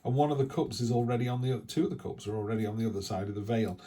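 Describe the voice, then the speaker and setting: A middle-aged man giving a casual tarot reading in a chatty, rambling way with animated asides. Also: medium pitch, very fast. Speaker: tarot reader.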